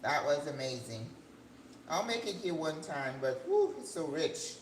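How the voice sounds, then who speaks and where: An older woman hosting a cooking channel, chatting casually as she cooks in her home kitchen, rambling and breaking into excited high notes. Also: a little slow. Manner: chatty, rambling, with sudden excited jumps in pitch. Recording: echoey room with faint background hum.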